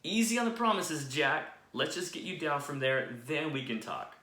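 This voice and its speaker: A calm, all-seeing divine voice speaks with patient, gently commanding assurance, as a preacher puts it on. It sits a little above his usual register. The echo of a roomy space hangs behind it. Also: a little high, normal speed. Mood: calm assuring.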